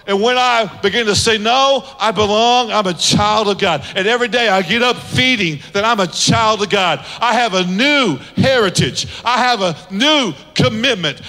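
A man's voice: sits high, sharp tone. A male pastor preaching a sermon with emphatic, repetitive exhortations that build to climaxes. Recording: long reverb of a large hall.

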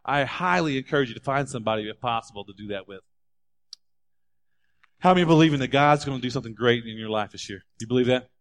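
A man preaching a sermon as a pastor, animated and climbing into loud, emphatic stretches. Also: medium pitch, fast talker, no room sound.

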